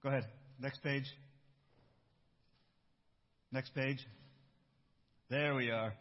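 A man pastor giving a sermon and reading a storybook aloud, with relaxed, self-interrupting asides. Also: mid-range voice, slow pace, long pauses. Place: church. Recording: dull echoey church hall.

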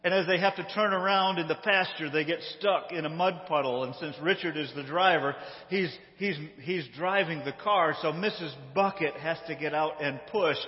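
A man casually retelling a sitcom episode in an animated, amused, conversational way, recorded on a handheld phone. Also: on the high side, big-room sound, muffled recording.

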